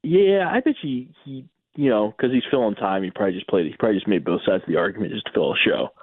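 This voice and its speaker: A man calling in as a guest on a sports radio show, animated and wry. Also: lowish voice, quick pace, dry recording. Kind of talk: casual sports radio chat. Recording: phone line.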